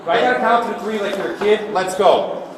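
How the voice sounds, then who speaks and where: A male police officer talks fast and impatiently, pressing the same orders again and again. His fairly high voice sounds distant and roomy on a body camera, with clear background noise. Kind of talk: on-duty commands.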